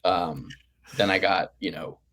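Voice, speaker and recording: A man in his thirties rambles through casual podcast banter with a fairly low voice. He swears freely and talks himself up in a playfully grandiose way as host of a betting picks show. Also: measured pace, sharp tone. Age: 30s.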